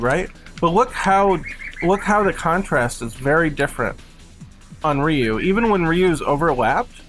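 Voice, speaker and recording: A young man with a somewhat high voice chats casually through a live game-development stream. He walks through his design reasoning in a loose, rambling way, leaning on filler words. Faint music plays quietly behind him. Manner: rambling and explanatory, heavy on "like".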